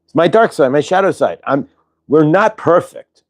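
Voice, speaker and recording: A man's voice: fairly high pitch, lively intonation. Rambling man hosting a spiritual livestream. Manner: rambling, halting, many fillers and restarts. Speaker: channeler and show host. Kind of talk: casual spiritual livestream chat.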